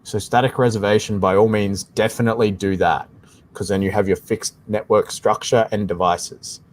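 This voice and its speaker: Low-voiced Australian man explaining networking. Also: fairly even intonation, moderate pace. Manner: explanatory, casual, repeats "like I said". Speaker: tech support co-host. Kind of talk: live-stream tech Q&A chat.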